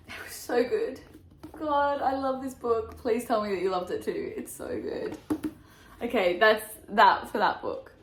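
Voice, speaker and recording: A young woman reviewing her favourite books in a casual vlog, gushing and animated, laughing often. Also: a little high, a little hiss or hum. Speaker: book vlogger. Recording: echoey room.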